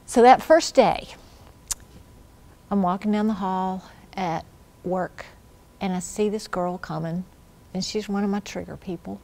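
A woman giving a personal faith testimony at church, telling her story earnestly and dropping to a hush when she quotes her prayers. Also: mid-range voice, slow, gravelly, pauses often.

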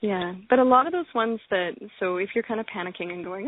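A woman's voice: medium pitch, brisk, hardly any pauses. A woman guest in casual conversation who talks with enthusiasm, often laughs and repeats her words. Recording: tinny phone line.

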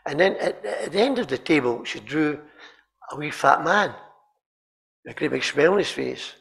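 Man, preacher, sermon, slightly high voice, gravelly, storytelling, stumbles and repeats words. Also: moderate pace. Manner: animated storytelling with frequent repeated words and throat-clearing. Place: chapel.

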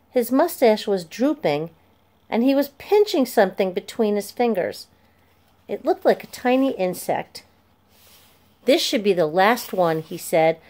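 A woman narrating a children's chapter book aloud in a clear, steady storytelling voice. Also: mid-range voice.

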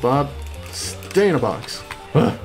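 A man hosting a gaming video, giving excitable gameplay commentary and yelping high when things go wrong. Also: takes it slowly, faint music behind. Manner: excitable, yelps high-pitched when upset.

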